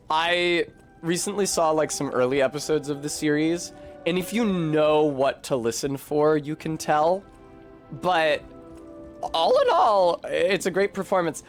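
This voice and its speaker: Chatty American man streaming a game. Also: a little high. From United States. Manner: chatty, rambling, with frequent self-corrections and swearing. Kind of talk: casual livestream commentary.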